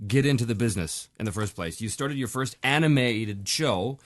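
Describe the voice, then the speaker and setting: A man hosting a voice-acting podcast in a casual interview, chatty and quick to laugh. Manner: chatty, laughs often, lively swings in pitch. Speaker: podcast host.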